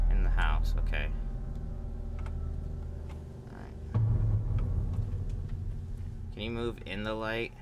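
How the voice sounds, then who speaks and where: Profane, slow-talking young gamer man. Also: fairly low pitch, loud music behind the voice. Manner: profane, joking, talks to the game. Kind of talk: casual gameplay commentary. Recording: keyboard and typing noise behind.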